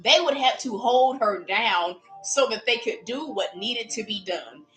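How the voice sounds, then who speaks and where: A woman preaches in an animated, casual way, slipping into playful voices for the people she describes. Her voice sits high and sounds bright, with faint music under her words. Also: a little slow, poor audio. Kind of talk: livestreamed preaching.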